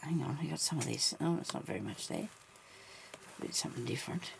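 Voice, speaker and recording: A woman's voice: low voice, animated, quick pace, gravelly, background noise. A woman vlogging as she crafts, chatting casually and thinking aloud, laughing often at herself.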